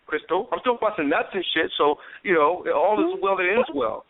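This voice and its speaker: Over a tinny phone line on the radio, a comedian guest speaks in a high-sitting, expressive voice at normal speed. The casual phone-in interview finds him rambling and boastful, stammering and restarting his sentences.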